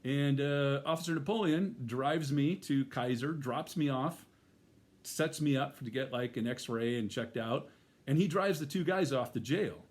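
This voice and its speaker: A man's voice: mid-range voice, a little slow. A middle-aged man telling a personal story in a casual, rambling way, full of fillers and restarts. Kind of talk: first-person spoken storytelling.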